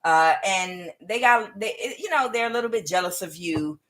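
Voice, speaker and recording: A woman giving a tarot reading to camera, scolding and animated, with laughing asides. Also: on the low side, moderate pace, poor audio. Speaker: tarot reader.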